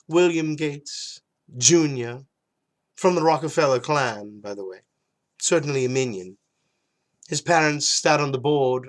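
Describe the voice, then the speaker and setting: A man hosting a talk show, delivering a rambling monologue with a mocking edge, swinging between loud emphatic bursts and low mutters. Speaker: show host.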